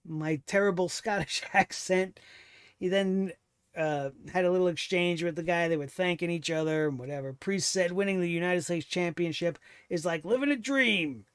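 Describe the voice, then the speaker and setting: A man's voice: high voice, normal speed, clean tone, dry recording. A man hosting a wrestling review show, talking in a sarcastic, exasperated way and swearing freely. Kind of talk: casual commentary review.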